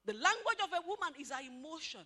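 A woman giving an animated talk at a couples' marriage seminar, questioning the audience and acting out what spouses say. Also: sits high, quick pace. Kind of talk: lively motivational talk to an audience.

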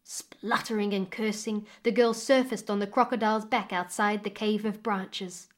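Expressive woman storyteller. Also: medium pitch. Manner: expressive, measured. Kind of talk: storytelling narration.

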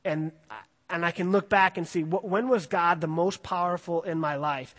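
A man's voice: high voice, moderate pace, a bit bright. A man preaching a casual sermon to his congregation, chatty and loose, with frequent fillers and restarts. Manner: conversational, with many fillers and restarts. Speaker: pastor. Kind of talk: casual sermon with scripture reading. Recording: long hall reverb.

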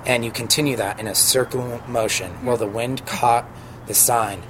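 A man at a middling pitch, recounting a work mishap with lively energy. He slips into quick little impressions of other people as he talks and laughs along. The recording carries steady noise from traffic around him. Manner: animated, acts out quoted voices, laughs while telling. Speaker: sign spinner guest. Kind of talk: casual storytelling interview.

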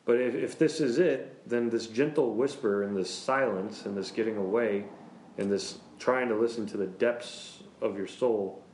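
A man, a pastor, teaching a church class in a casual, lively way, joking, often chuckling and asking the class questions. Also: fairly low pitch, moderate pace, a little hiss or hum. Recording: roomy classroom echo.

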